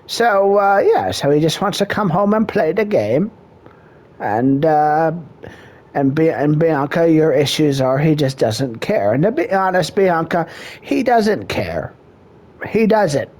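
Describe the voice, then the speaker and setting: A man's voice: a little high, lively intonation, takes it slowly, darkish tone. A man playing a mock marriage counselor in crude improvised comedy, drawling in a mock-serious way.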